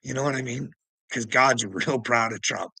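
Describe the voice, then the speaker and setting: A gravelly, raspy man delivers a profane, combative rant in a tense, edgy voice. He sounds scornful and laughs often between jabs, with a dry, close sound. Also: medium pitch, normal speed, bright, forceful tone, rough recording. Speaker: vlogger. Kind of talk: ranting commentary.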